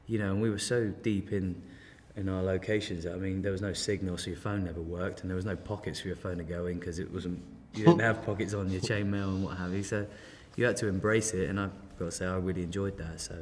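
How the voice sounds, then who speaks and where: A man's voice: deep voice, fairly even intonation, fast talker, few pauses, long reverb tail, slight background noise. A male actor being interviewed, easygoing and rambling with many fillers. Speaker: actor guest. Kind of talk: casual interview chat.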